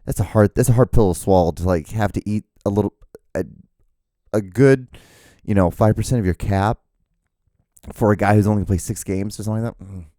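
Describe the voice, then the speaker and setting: Male host, 30s, meandering self-deprecating monologue, warm low voice, dry recording. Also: fairly quick, long pauses, dry recording. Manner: meandering, profane, self-mocking, with many fillers and restarts. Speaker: podcast host. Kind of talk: rambling solo podcast monologue.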